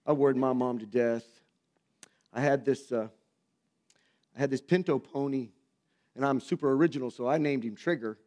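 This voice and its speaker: A man's voice: medium pitch, normal speed, pauses often, a little mellow. A man, preaching a sermon in a folksy, self-mocking storytelling manner. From Missouri. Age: 50s. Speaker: pastor.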